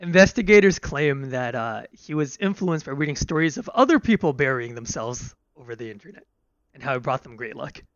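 A man co-hosting a casual podcast chat, reading out facts with halting restarts. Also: mid-range voice, sing-song, dry recording, highs cut off. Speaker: podcast co-host.

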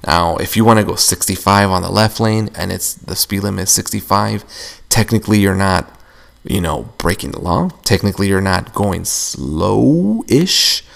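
A young man hosts a casual solo podcast, rambling along and venting with plenty of swearing. His fairly low voice is thick with gravelly fry. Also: animated, moderate pace. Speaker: podcast host.

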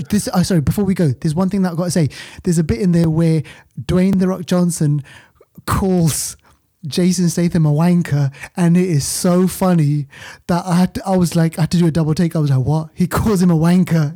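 Laughing man, mellow voice. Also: high voice. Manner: animated, laughs often, stumbles over words. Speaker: podcast co-host. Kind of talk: casual chat.

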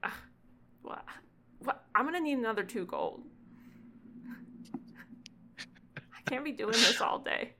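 Nervous pushy youth, voiced by a woman, high and sharp, climbs to loud outbursts. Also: lively intonation, normal speed, a little hiss or hum. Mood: indignant. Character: young man Gunther, nervous and pushy.

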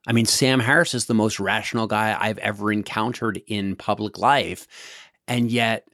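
A podcast host tells a story in a casual monologue, full of restarts and repeated words. His voice is lowish with a fairly bright tone, captured in studio quality without echo.

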